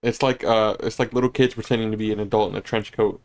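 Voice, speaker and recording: A man's voice: on the low side, steady tone, fast talker, no echo. Guy on a podcast going mm-hmm and whoa, short reactions while his buddy talks. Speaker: podcast co-host. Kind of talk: casual chat, listening and reacting.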